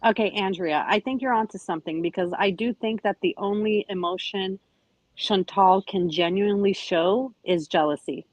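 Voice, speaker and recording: Female panelist, casual commentary, giggly and playful, mid-pitched. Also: normal speed, no room sound, low-quality recording.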